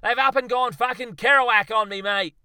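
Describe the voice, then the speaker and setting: A man's voice: medium pitch, brisk, sharp tone, no room sound, lightly acted. A man voicing a temperamental, swearing man, weary at times and furious at others. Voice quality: swears a lot, gruff.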